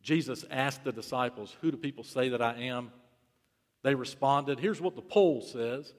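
A man preaching a sermon as pastor, building his points through repetition and swinging between loud emphasis and soft, low delivery. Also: normal speed. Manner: rhetorical repetition, swelling and dropping in volume. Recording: long hall reverb.

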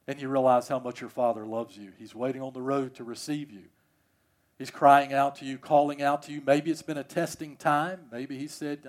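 A male pastor preaching a sermon in church. He swings between loud, emphatic passages and hushed ones. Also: medium pitch, flat delivery, normal speed. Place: church, service also streamed.

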